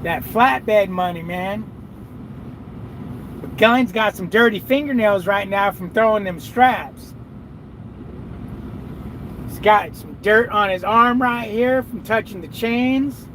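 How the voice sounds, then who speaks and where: A man's voice: sits high, takes it slowly, long pauses, a bit bright, a little hiss or hum, poor audio. A man who drives trucks, chatting and cursing freely with viewers on a live stream from his cab. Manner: profane, rambling, talks to viewers and his dog. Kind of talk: casual live chat.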